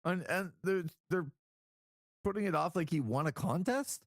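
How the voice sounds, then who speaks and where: A man co-hosting a casual podcast review, lively and incredulous in quick bursts. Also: sits high, no room sound, studio quality. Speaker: podcast co-host.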